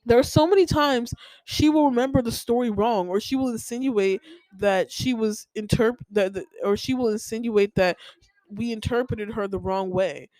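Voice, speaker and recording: A woman's voice: a little high, moderate pace, darkish tone, no room sound, low-quality recording. Young woman ranting on a podcast. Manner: rambling, heated, lots of filler words. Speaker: podcast host. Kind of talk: casual personal storytelling.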